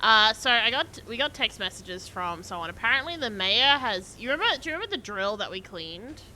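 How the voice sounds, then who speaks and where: Bright, lively woman streamer. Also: a little high. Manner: animated, laughing, quick to tease. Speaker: guest streamer. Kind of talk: casual stream chat. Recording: faint background noise.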